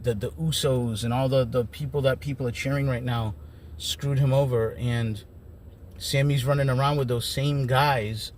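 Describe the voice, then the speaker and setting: A man's voice: mid-range voice, fairly even intonation, moderate pace, slight background noise. Man rambling through a casual recap. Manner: rambling, enthusiastic fan. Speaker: wrestling commentator.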